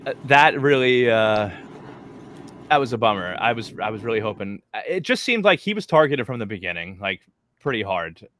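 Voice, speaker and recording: A man's voice: medium pitch, sing-song, moderate pace, fairly bright tone, slight background noise. A man co-hosting a podcast, chatting casually with lots of fillers and restarts. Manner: rambling, heavy on fillers and restarts. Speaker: podcast co-host. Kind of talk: casual recap chat.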